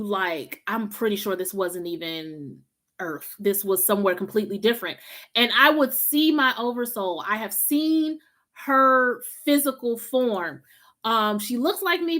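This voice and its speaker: A woman's voice: a little high, fairly bright tone. Chatty woman with a country drawl. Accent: Southern US country drawl. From Los Angeles, USA. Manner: chatty and informal, slangy, laughs often. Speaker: host of a spiritual live stream. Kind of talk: casual live-stream chat.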